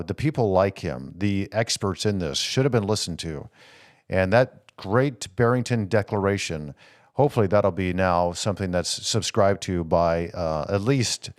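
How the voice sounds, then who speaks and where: A man hosting a political talk show, reading viewer comments and answering them with animated rhetorical questions. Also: fairly low pitch, dry recording, clean studio sound. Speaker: host.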